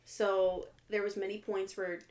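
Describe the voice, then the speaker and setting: A young woman guesting on a podcast, speaking at an ordinary middle pitch. She tells her stories in an animated way and often breaks into giggles. Her talk is loose and conversational. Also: unhurried. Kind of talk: casual chat.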